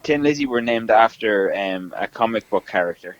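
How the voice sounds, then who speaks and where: A man's voice: fairly low pitch, expressive, normal speed, no room sound, highs cut off. An Irish man co-hosting a podcast, teasing and stubbornly sticking to his claims in casual chat. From Ireland. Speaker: podcast co-host.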